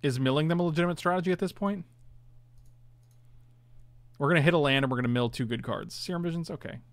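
A man's voice: a little high, quick pace, dry recording. Chatty man commentating a card game. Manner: chatty, self-mocking, groans at bad draws. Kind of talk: casual gameplay commentary.

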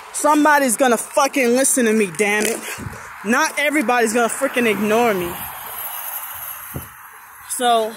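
A woman in a frustrated personal rant, angry and swearing, out of breath, with many filler words. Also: on the high side. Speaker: vlogger. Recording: clear background noise.

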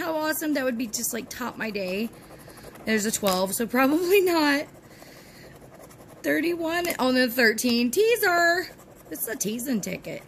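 A high, bright woman's voice with plenty of swing in the pitch, talking in a chatty, cheerful way to her viewers. She hosts a lottery scratch-off channel from home and keeps cheering each ticket on. A faint hum sits behind her. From Texas. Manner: chatty and cheerful, chanting encouragement to herself. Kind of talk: casual chat to viewers while scratching tickets. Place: at home, with dogs nearby.

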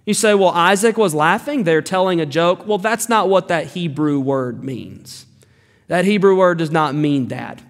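A male pastor preaching an earnest expository sermon, building up to emphatic rebukes. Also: high-pitched. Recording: long reverb of a church hall.

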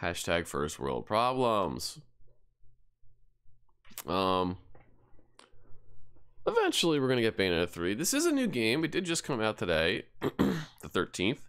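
A man's voice: fairly low pitch, huge pitch swings, measured pace, pauses often, fairly bright tone, smooth. A man streaming a game, making wry jokes as he plays. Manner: wry, joking asides. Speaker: gaming streamer. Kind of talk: let's play commentary. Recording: game music behind.

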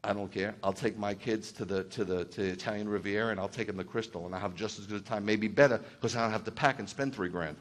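His voice is lowish, his pace quick, and he leaves few pauses as this middle-aged male rabbi delivers a conversational sermon. He moves from quiet asides up to loud, animated outbursts.

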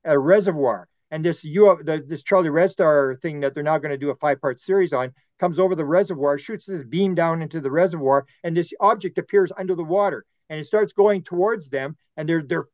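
Animated storytelling man, higher voice. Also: brisk, few pauses, no room sound, highs cut off. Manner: rambling, animated storyteller who acts out quotes. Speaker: guest. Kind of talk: podcast conversation.

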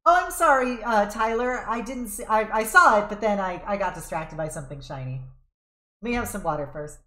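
A woman live-streaming a game, chatting with viewers and reacting loudly, with frequent giggles and swearing when under fire. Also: medium pitch, animated, brisk. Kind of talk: live gameplay commentary. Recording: roomy echo.

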